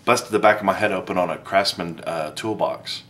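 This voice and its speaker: Deep-voiced rambling man vlogging. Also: fairly quick, a bit bright. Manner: rambling, self-deprecating, many fillers and restarts. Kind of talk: casual talk to camera.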